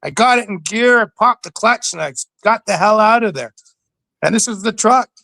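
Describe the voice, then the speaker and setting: A man's voice: high voice, fairly quick, vocal fry, fairly bright tone, dry recording, voice pushed up, full character voice, low-quality recording. A man acting out a frantic, panicked truck driver. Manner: breathless, panicky retelling.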